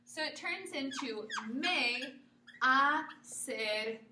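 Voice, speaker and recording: A woman's voice: high voice, animated, slow pace, background noise. A woman teaching a Spanish grammar lesson who patiently spells words out letter by letter.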